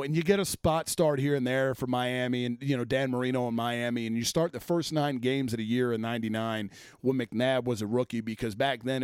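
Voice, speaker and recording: A man hosting a sports talk show, ranting bluntly and swearing freely. His voice is mid-pitched and plain. It is recorded close and dry, with no room sound. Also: darkish tone, clean tone, no echo. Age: adult, former offensive lineman. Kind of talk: profane sports rant.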